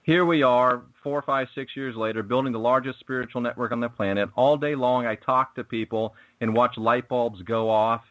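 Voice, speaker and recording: Male guest, middle-pitched, preachy and emphatic, dry close sound. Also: steady tone, moderate pace, few pauses, fairly bright tone, dry recording, rough recording. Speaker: guest, spiritual network host. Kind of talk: casual radio interview.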